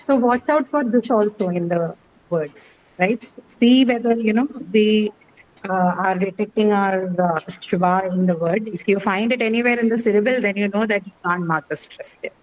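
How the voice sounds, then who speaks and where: A woman's voice: medium pitch, normal speed, rough recording. A woman teaching pronunciation in an online class, patient and step by step, repeating words and asking "okay?". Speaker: English teacher.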